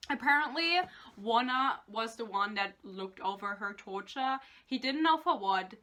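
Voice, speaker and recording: A woman's voice: high voice, sharp tone. A woman in a casual book rant, exasperated, swearing often and laughing between points. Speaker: book reviewer.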